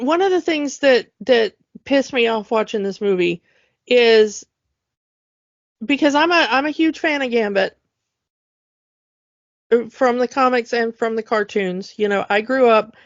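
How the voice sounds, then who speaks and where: A woman co-hosting a podcast, talking in an animated, emphatic way as she rants. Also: on the high side, measured pace, no echo. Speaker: podcast co-host. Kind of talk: casual chat. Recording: dull lo-fi dry sound.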